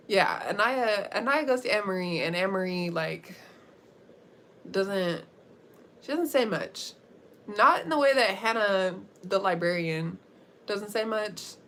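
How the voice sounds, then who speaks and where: Young woman, livestreamer, slow easygoing delivery, slangy storytelling, faint ambient hiss. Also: mid-range voice, a bit bright. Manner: chatty and slangy, laughs often while telling the story. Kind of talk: casual storytelling recap.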